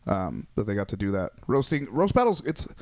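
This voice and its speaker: A man's voice: lowish voice, sing-song, fairly quick, darkish tone. A young adult man, a comedian, chatting casually and telling loose stories, acting out people with laughing voices and swearing freely. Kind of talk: casual chat.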